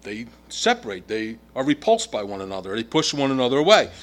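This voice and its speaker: A man's voice: mid-range voice, sing-song, brisk. A middle-aged man preaching a sermon in an emphatic way, his volume rising and falling. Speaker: pastor.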